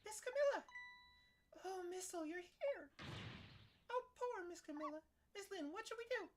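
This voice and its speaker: A man voicing an excitable small male pet dog while reading game dialogue aloud, with game music behind. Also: very high voice, moderate pace, background noise, pitched above the performer's own voice. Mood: eager, worried. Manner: eager, yelping. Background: game background music.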